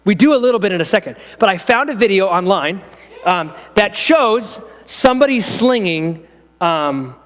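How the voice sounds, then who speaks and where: A male pastor tells a story to children in a playful, engaging way. His voice sits high for a man. The sound carries a long reverb from the church hall. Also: animated, moderate pace. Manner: playful, draws in listeners and helpers.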